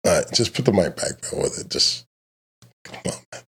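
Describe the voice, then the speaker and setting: Podcast host, man, loud and profane, swoops all over his pitch, casual banter. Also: expressive, a little fast, creaky, breathy edge. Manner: loud, joking, swears freely, teases his guest. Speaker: truck driver.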